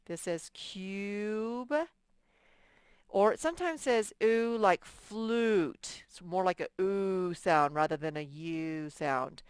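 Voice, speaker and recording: A woman's voice: on the low side, takes it slowly, few pauses, clear, resonant tone, dry recording. A woman teaching a reading lesson to young children, drawing out words and sounding out letters. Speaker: first-grade teacher.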